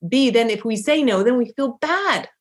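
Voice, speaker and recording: Giving a motivational talk, a middle-aged woman life coach is emphatic and animated, often acting out small bits of dialogue. Her voice is on the high side and her pace moderate.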